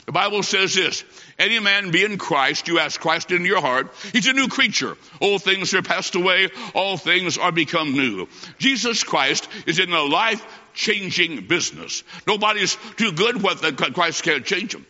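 A man preaching an evangelistic sermon, telling stories in a folksy, emphatic way, pushing and slowing his words for stress. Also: fairly high pitch, bright, forceful tone. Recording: dull echoey hall recording.

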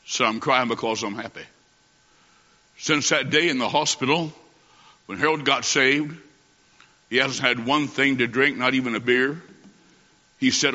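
A man's voice: a little high, sharp tone. A man preaching a sermon, telling stories with emphasis and acting out quoted lines. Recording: muffled recording in a large hall.

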